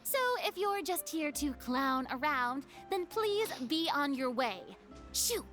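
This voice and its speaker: A woman's voice: high-pitched, expressive, takes it slowly, over music. A woman voicing a proud, theatrical young female former goddess in a video game, speaking in a haughty, dramatic manner. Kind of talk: game dialogue.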